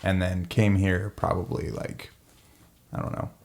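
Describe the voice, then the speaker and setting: A man in his thirties, a player in a tabletop game, answering in halting, hesitant replies. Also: low voice, steady tone, gravelly, a little mellow. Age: 30s. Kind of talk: playing a character in a tabletop game.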